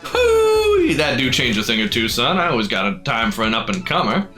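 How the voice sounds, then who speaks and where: Man doing a folksy country-drawl game boss, boisterous old-timer, lively swooping pitch, bright edge. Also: drawn-out words, faint music behind, heavily acted. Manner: drawling folksy country twang, calls everyone son.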